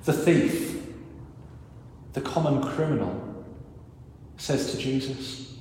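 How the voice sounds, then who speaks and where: A priest preaches a storytelling sermon, slipping into voices to act out crowd reactions. His voice sits in a middle register and rings through a large church with a long, booming reverb, over a faint hiss. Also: fairly even intonation, a little slow, pauses often, darkish tone.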